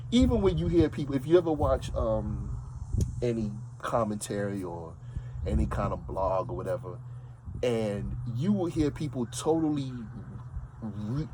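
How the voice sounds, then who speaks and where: A man with a New York accent speaks in a loose, emphatic monologue, circling back over his own points. His pitch jumps around a lot as he talks. Faint street and vehicle noise sits behind him. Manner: animated, emphatic, repeats himself. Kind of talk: casual monologue.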